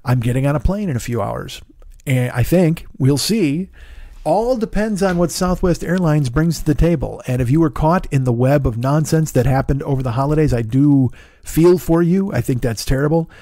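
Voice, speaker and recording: Middle-aged man, hoarse, rambling solo podcast chat, profane asides, dry close sound. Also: a little high, moderate pace, warm tone, no echo. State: hoarse, tired throat. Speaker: podcast host. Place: home studio in Los Angeles.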